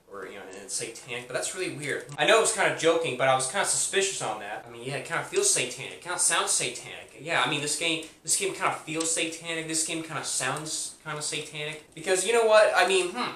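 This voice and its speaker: A man's voice: medium pitch, lively intonation, fast, few pauses, bright, forceful tone. A man reviewing a video game in a rambling comedic way, repeating himself and using many fillers. The recording has a roomy echo and comes from a distant mic.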